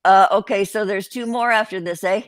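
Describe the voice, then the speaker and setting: A woman's voice: mid-range voice, steady tone, fairly quick, no echo. An older woman hosting a casual live-stream chat, rambling and swearing freely as she greets viewers. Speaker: host.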